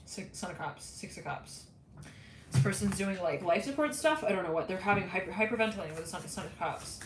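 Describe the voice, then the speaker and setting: A woman's voice: fairly low pitch, lively intonation, brisk, echoey room, background noise. A woman giving a live tarot reading, rambling and giggly as she relays what she is hearing. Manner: rambling, giggly, channeling messages. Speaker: tarot reader.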